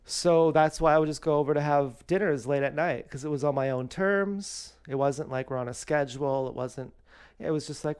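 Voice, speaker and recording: A man's voice: a little high, normal speed, darkish tone, clean tone. A man vlogging at home, telling a rambling, candid personal story with many fillers and restarts. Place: home kitchen.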